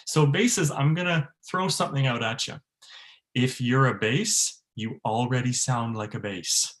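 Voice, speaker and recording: A man, a bass-baritone voice teacher, leading an online workshop for choir singers, laughing often and demonstrating sounds. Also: a little slow. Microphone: video call.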